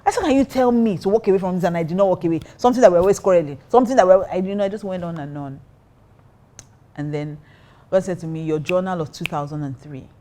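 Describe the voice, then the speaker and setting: A woman's voice: on the low side, fast talker, mellow. A woman pastor telling a personal story in casual talk, acting out her own reactions. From Nigeria. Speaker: pastor and co-host.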